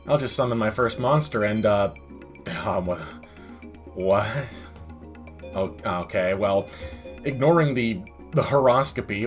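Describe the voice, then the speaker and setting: Lively sarcastic male game reviewer. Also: fairly low pitch. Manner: sarcastic, exasperated rants. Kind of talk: comedic game review commentary.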